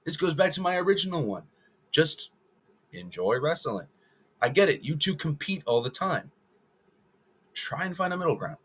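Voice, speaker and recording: A man's voice: fairly high pitch, sing-song, moderate pace, pauses often, breathy edge. A man giving casual opinion commentary to the camera, rambling and correcting himself as he goes. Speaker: wrestling video creator.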